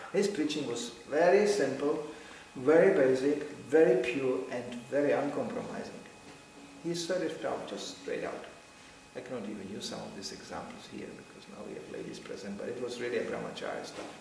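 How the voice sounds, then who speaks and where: A middle-aged man shares memories with a devotional gathering in an anecdotal talk, laughing often and acting out what people said with lively energy. His mid-range voice is creaky at a moderate pace, with background noise, a very echoey room, and a distant mic.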